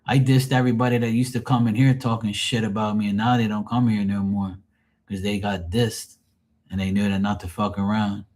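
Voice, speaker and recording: Deep-voiced man rambling on a livestream. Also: little pitch movement, a little fast, a little mellow. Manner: rambling, profane, joking. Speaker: livestream host. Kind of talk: casual livestream chat.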